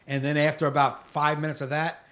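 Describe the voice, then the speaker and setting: A man with a somewhat high voice co-hosting a podcast. He speaks bluntly in casual chat and rants freely with heavy swearing. He keeps backing up his co-host with quick "yeah, right" replies. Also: level tone, fairly bright tone. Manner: blunt, profane ranting; frequent short agreement replies.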